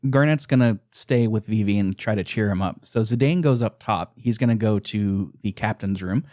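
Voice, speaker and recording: A man's voice: on the low side, normal speed, dry recording. A man hosting a podcast, retelling game scenes in a casual chat full of "uh" fillers. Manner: animated retelling, frequent "uh" fillers. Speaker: podcast host.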